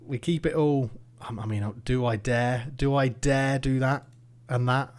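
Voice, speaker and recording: A man commentating his own football management game, swinging between nervous muttering and excited shouting. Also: mid-range voice, unhurried, clean tone. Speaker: gaming YouTuber.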